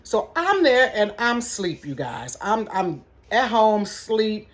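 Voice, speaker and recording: A middle-aged woman who manages a store tells a casual storytime vlog from her bedroom, chatty and animated, talking straight to her viewers. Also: medium pitch, slow.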